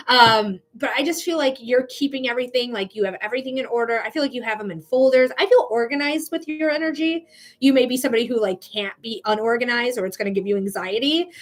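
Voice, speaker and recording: A woman with a somewhat high-pitched voice hosts a live-streamed psychic reading. She talks in a casual, emphatic way, swears freely, and addresses her viewers directly. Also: fairly bright tone. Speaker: psychic reader.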